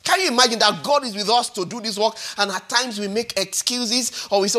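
A man in his forties preaching a sermon as pastor, animated and repetitive, often checking in with the congregation. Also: high voice, fairly quick, hardly any pauses. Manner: animated, repetitive, peppered with "all right?" and "hallelujah".

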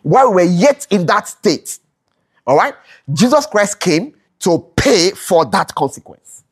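Unhurried and slightly rough, this medium-pitched voice swings widely in pitch as a Bible study teacher walks through scripture. Rhetorical questions come up and get repeated for emphasis, and the teacher keeps asking listeners "all right?" to check in. Now and then a sentence gets corrected partway through.

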